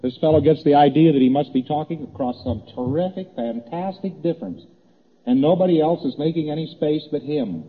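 A man with a fairly high, husky voice talks fairly quickly with lively intonation, giving a conversational lecture as he walks through graphs on a board. He repeats his points and acts out little exchanges, captured on tinny old tape in a reverberant hall.

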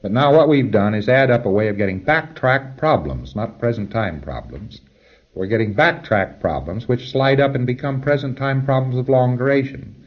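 A man's voice: mid-range voice, normal speed, highs cut off. A man giving an informal, rambling spoken lecture in a conversational way. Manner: rambling, conversational, chuckles at his own asides.

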